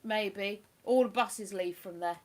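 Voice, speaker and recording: A woman from England hosting a casual livestream chat, rambling and cooing softly to her dog between remarks. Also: mid-range voice, slow. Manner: chatty, drops to soft cooing baby talk with her dog. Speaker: livestream host.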